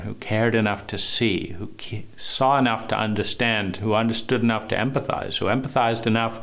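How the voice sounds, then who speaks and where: A man giving a recorded talk on trauma and adult love, emphatic and rhetorical, stressing words with swings in pitch and pace. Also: a bit bright. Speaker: trauma therapist teaching.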